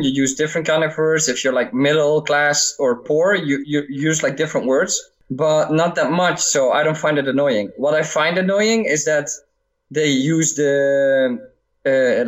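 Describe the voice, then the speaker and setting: A man for whom English is a second language, chatting as a podcast guest. He often halts to search for words, and his voice sits a little above the usual pitch. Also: a bit bright, dull audio. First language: not English. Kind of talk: casual chat.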